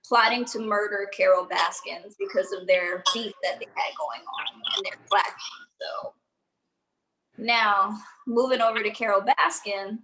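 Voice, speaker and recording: A woman's voice: medium pitch, fairly bright tone, rough recording. Chatty opinionated woman. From Louisiana. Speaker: co-host. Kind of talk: casual show review chat.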